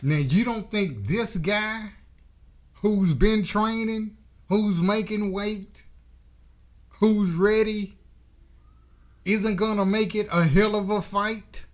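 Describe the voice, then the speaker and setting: A man's voice: high voice, slow pace, long pauses. A man hosting a boxing commentary channel, delivering a blunt, profane, emphatic opinion rant.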